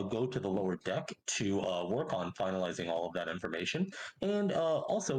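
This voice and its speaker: A man's voice: a little hiss or hum, low-quality recording. A man doing a pompous riverboat captain. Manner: formal sales-pitch announcements. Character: pompous male riverboat captain, cruise announcer.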